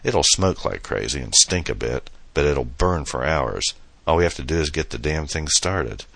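A man's voice: a bass voice, animated, normal speed, vocal fry, a bit bright, no room sound, exaggerated voice. A man playing a playful, boastful young man who jokes with his date, in a storybook reading. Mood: joking. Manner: playful, mock-grand.

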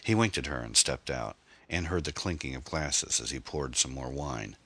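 A man narrating a novel in a measured, steady storytelling manner. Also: extremely low pitch, slightly rough, no echo. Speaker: audiobook narrator.

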